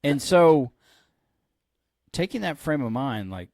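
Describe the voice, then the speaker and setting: A man's voice: a little high, slow pace, dry recording, studio quality. A man who is a pastor and podcast host, telling a story in casual chat and acting out the lines of the people in it. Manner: animated storyteller who acts out quoted lines.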